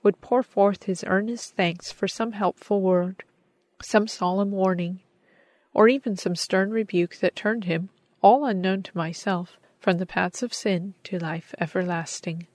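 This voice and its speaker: A woman reading a story aloud as narrator, in a measured, earnest manner. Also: medium pitch, steady tone, darkish tone, no echo. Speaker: audiobook narrator. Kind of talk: scripted narration.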